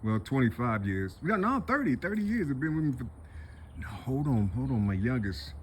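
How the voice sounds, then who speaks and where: A middle-aged man rambles on in a loose, emotional monologue, repeating himself and swearing freely. His voice sits at an ordinary middle pitch and turns tearful, with faint noise in the background. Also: very animated, moderate pace. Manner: rambling, repetitive, profane, full of "you see". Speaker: vlogger.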